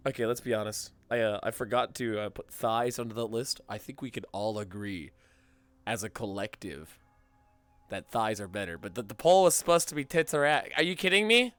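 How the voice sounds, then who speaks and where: A man streaming a roleplay game, joking crudely and loudly in casual banter with a hoarse voice. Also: on the low side, a little fast, dry recording.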